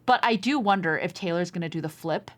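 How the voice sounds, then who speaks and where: A woman's voice: fairly low pitch, expressive, fast talker. A woman in her thirties co-hosting a podcast in casual chat, talking freely with frequent fillers and laughs. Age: 30s. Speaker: podcast co-host.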